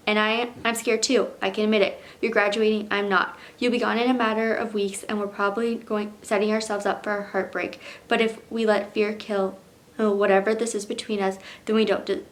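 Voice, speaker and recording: A woman's voice: medium pitch, natural voice. A woman reading as an earnest young rider. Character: determined young woman dragon rider pleading for love.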